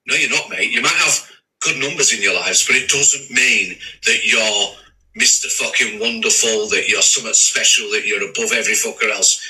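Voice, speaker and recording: A man rants on a livestream, heated and profane, and keeps stumbling into restarts. His tone is very bright, and he sits a little back from the microphone. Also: medium pitch, recorded from a distance, low-quality recording. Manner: swearing, trading insults, stammering restarts. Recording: voice a bit off-mic.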